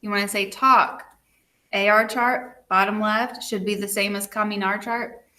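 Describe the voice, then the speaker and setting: A woman's voice: medium pitch, steady tone, a little slow, pushed and bright. A woman teacher giving a recorded video lesson, chatty and checking in with her students with frequent "okay"s.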